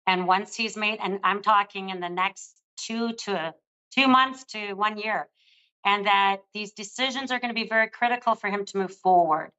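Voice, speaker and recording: Older female psychic host, gentle and affectionate reading, bright tone, muffled lo-fi sound. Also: mid-range voice, normal speed. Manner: soothing, affectionate, calls the caller love. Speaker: psychic reader. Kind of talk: live psychic reading on air.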